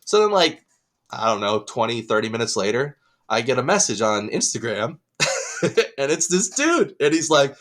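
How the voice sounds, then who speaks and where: A man's voice: mid-range voice, big pitch swings, normal speed, a bit bright. A young man co-hosting a podcast, telling a long rambling story in casual chat and swearing freely. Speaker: podcast co-host.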